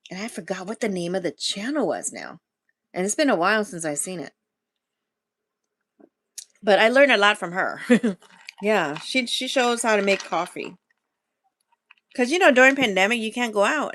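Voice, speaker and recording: A woman's voice: mid-range voice, fairly bright tone, dry recording. Chatty woman laughing through a live stream. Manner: chatty and rambling, laughs often; talks to viewers directly while sipping coffee. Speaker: food vlogger hosting a live chat. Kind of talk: casual live-stream chat.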